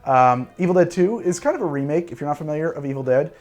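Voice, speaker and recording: Animated, jokey male cocktail host. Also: on the high side, quick pace, faint music behind. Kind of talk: casual talk to camera.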